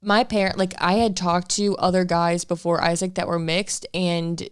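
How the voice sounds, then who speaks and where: A young woman in her twenties chats frankly on a casual couple podcast, laughing easily between points. Her voice sits a little low for a woman and comes across smooth and clean. The sound is close and dry. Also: level tone, moderate pace, dry recording. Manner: chatty, laughs often, frank. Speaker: podcast co-host.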